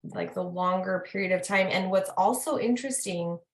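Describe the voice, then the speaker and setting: A woman hosting a casual talk, chatting in an animated way and quizzing herself with repeated questions. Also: on the low side, moderate pace, gravelly. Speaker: host. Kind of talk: casual chat. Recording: roomy echo.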